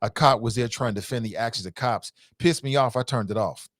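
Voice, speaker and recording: A man's voice: medium pitch, fairly quick, no echo. Guy hosting a call-in show, reads comments and reacts big, repeats stuff for emphasis, dry close sound. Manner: animated, emphatic, rises sharply when incredulous; conversational, repeats himself for emphasis. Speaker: talk show host reading listener comments.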